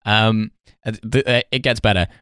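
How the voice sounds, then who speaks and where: A man's voice: fairly low pitch, fairly even intonation, normal speed, a bit bright, smooth, no echo. A man co-hosting a podcast in casual chat, making dry sarcastic jokes. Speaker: podcast co-host.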